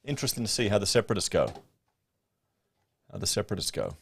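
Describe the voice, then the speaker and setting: A man's voice: fairly low pitch, big pitch swings, quick pace, vocal fry, a bit bright, breathy edge. An Australian man hosting a casual livestream, chatting and rambling to his viewers. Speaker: livestream host. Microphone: podcast studio mic. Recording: dry close-miked sound.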